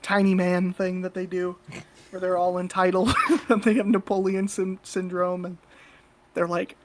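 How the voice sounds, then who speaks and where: A woman's voice: lowish voice, flat delivery, normal speed. A woman co-hosting a podcast, telling a story in a casual, blunt and profane way. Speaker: podcast co-host.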